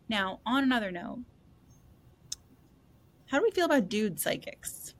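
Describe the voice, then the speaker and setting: A woman's voice: fairly high pitch, very animated, a little slow, pauses often. A woman hosting a casual podcast chat as a psychic reader, blunt and profane, laughing and acting out quotes from her sessions.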